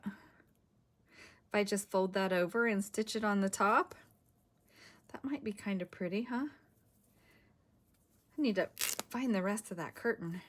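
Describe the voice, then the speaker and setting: A middle-aged woman hosts a craft video, chatting casually, giggling and thinking aloud as she works. She sounds a bit winded, speaking a little slowly in a mid-range voice with long pauses.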